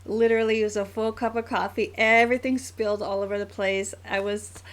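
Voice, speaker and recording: A woman's voice: medium pitch, little pitch movement, a little fast. A woman in her forties with an American accent, chatting casually on a live stream as a graphic novelist, with a scratchy throat and frequent fillers. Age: 40s.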